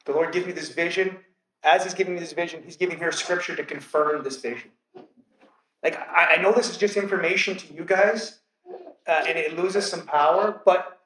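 A man telling his church about a vision during prayer, earnest, with many halting restarts and bursts of laughter. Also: fairly high pitch, a bit bright, roomy sound, a little hiss or hum, rough recording. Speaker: church member sharing a vision. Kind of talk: testimony to a church.

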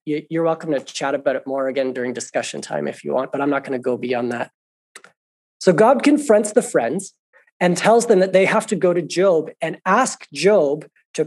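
A man's voice: a little high, a little mellow. A man leading a conversational Bible study lesson, thinking aloud and explaining points patiently. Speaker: Bible teacher.

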